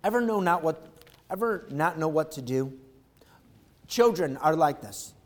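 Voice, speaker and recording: A male pastor preaching an animated sermon, swinging from quiet reflection to loud excitement. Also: fairly high pitch, unhurried.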